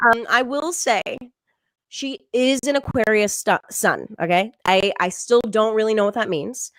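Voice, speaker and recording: Deadpan young comic with a dry sound. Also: female voice, medium pitch, unhurried, dry recording, poor audio. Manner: deadpan, with frequent ums and little laughs. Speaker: stand-up comedian. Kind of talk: stand-up comedy set. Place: home, virtual show.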